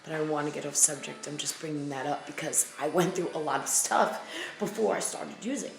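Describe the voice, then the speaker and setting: Blunt New woman vlogger, low gravelly voice, emphatic and repetitive, echoey room with faint music. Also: fairly even intonation, fairly quick. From the Bronx, New York. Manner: emphatic and blunt, repeating phrases for weight. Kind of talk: candid personal storytelling to camera.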